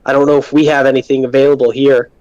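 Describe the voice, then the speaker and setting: A man's voice: mid-range voice, flat delivery, quick pace, darkish tone, no room sound. A man playing an engineer in a tabletop game, talking in a playful way. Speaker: player as engineer. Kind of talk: tabletop role-play. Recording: dry, dull mic.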